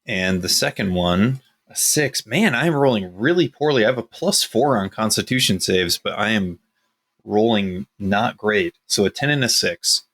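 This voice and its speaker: A man playing a tabletop game who reports his poor rolls in an animated, self-deprecating way. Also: lowish voice, moderate pace. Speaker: player.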